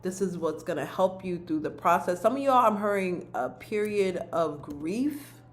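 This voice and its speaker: A woman's voice: on the low side, animated, moderate pace, roomy sound. A woman giving a monthly card reading to her viewers, speaking earnestly to them and repeating her key phrases. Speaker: spiritual card reader.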